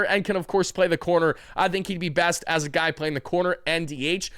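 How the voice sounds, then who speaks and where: A man's voice: high voice, a bit bright, dry recording, clean studio sound. A man hosting a sports channel, giving opinionated commentary in a conversational way and correcting himself mid-sentence.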